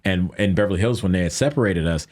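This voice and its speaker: A deep-voiced man from the United States, speaking as a guest on a podcast. He tells his story in an animated way and keeps slipping into the voices of the people he is quoting. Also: quick pace, no room sound, clean studio sound. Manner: animated retelling that acts out quoted voices.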